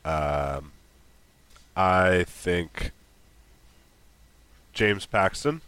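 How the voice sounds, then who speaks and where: Co-host, a man with a very deep voice, eager and agreeable. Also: drawn-out words, a bit bright, clear, resonant tone, no room sound. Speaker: podcast co-host. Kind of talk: casual sports chat.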